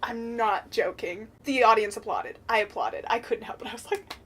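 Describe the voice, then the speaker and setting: A young woman with a fairly high voice talks straight to camera in an excited vlog. She gushes about what she loved, swears casually, and jumps into squealing bursts when something thrills her. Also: moderate pace, noisy background. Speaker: vlogger. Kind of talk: excited film review vlog.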